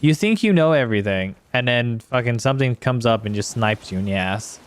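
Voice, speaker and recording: A man's voice: medium pitch, lively intonation, brisk, slight background noise. A male streamer chatting casually while playing, rambling and swearing as he talks to his chat.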